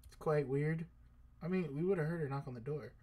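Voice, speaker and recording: A man giving let's-play commentary over a game, joking, excitable and swearing casually. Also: a little high, a little fast, husky. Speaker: gaming video creator.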